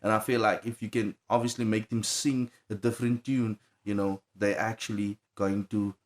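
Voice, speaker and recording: A man's voice: lowish voice, level tone, moderate pace. A man, a music producer guest, speaking earnestly and reflectively, with hesitations. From South Africa. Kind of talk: casual interview.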